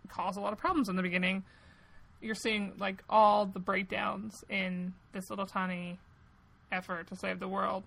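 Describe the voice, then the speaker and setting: A woman's voice: medium pitch, creaky, fairly bright tone, low-quality recording. A woman in casual film discussion, talking in a hesitant, musing way that trails off. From United States.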